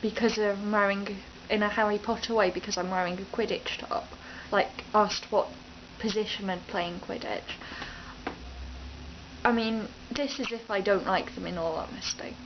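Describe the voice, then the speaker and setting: The lo-fi camera-mic recording carries a little hiss or hum. It captures a young British woman from the East Midlands with a mid-range voice and fairly even intonation, speaking at normal speed. She vlogs from home unscripted, chatty and rambling, often cutting off mid-sentence.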